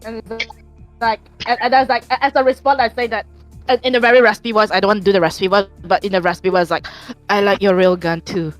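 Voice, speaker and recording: Female player, higher voice, rambling and giggly, faint music behind. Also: steady tone, fast talker. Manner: rambling, full of fillers like "like", giggly. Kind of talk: describing her character in a tabletop game.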